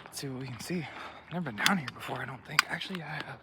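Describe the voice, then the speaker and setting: A man's voice: mid-range voice, fast talker. Laid-back man vlogging on a trail. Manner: rambling and laid-back, full of slang like "dude". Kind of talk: casual vlog narration while hiking. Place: outdoor hillside trail. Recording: noisy outdoor recording.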